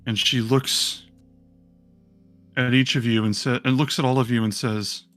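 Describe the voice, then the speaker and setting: Guy dm describing the scene, mid pitch, lots of ums, quiet music underneath. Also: fairly even intonation, measured pace, dry recording. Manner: loose, hesitant narration with many ums. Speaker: game master. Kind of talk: narrating a tabletop game. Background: soft background music.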